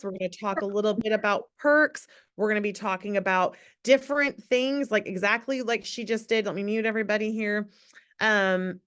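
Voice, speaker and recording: A woman hosting a team video call, bubbly and encouraging, shifting between quick and slow speech. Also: fairly high pitch, fairly bright tone.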